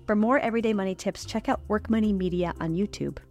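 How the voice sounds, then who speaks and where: A woman's voice: medium pitch, quick pace, darkish tone, soft background music. A woman hosting a short personal finance segment, chatty and upbeat, talking about her years as a parent. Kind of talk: friendly money-tips segment.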